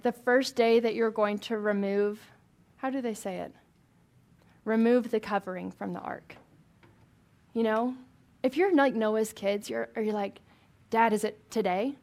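A woman's voice: a little high, gravelly, darkish tone. A woman leading a Bible study for a small group, reading scripture aloud and chatting with questions to the room.

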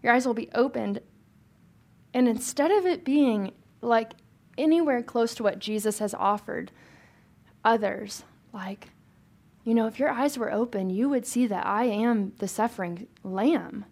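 Young woman teaching a bible study, chatty and loose, kinda high voice, keeps asking the group stuff. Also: a little slow, darkish tone. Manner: chatty and informal, asks the group questions, laughs easily.

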